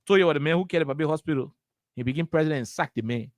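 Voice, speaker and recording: A man's voice: on the high side, very fast, no echo, studio quality. A man with a Liberian English accent giving impassioned political commentary as a radio talk host, full of rhetorical questions and repetition. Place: radio studio.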